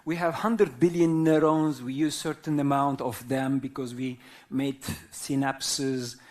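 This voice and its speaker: This whirling dance teacher, a fifties-aged man from Turkey who grew up speaking Arabic, reflects aloud in simple English before a live audience. His voice is medium-pitched and darkish, with fairly even intonation; the pace is slow and philosophical, with frequent check-ins with listeners.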